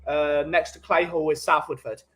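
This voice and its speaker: A man with a London English accent, hosting a relaxed coffee chat stream and bantering jokily with his live chat. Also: fairly high pitch, moderate pace, poor audio. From England. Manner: jokey, rambling banter.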